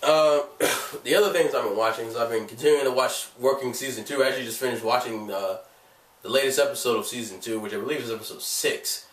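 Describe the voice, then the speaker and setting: A man's voice: mid-range voice, fast talker, distant mic. A man with a cold reviewing anime casually, rambling with lots of fillers and restarts. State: has a cold, coughing. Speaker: anime vlogger. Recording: echoey room, away from the mic.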